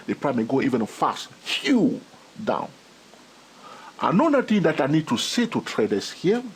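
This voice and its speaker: Animated husky man teaching trading. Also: mid-range voice. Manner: repeats "all right?" and "okay?" constantly, laughs often; animated, gets excited about his subject. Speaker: trading educator. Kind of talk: excitable teaching monologue.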